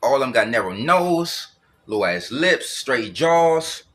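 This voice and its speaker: A man's voice: medium pitch, very animated, slow pace, fairly bright tone. A man giving a blunt, profane solo monologue, repeating and circling back over his points.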